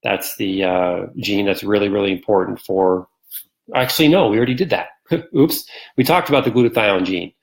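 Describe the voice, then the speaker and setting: A man's voice: lowish voice, moderate pace, poor audio. A man hosting a live stream, chatting casually and answering viewer comments, rambling with many ums and restarts and acting out quotes in a livelier voice.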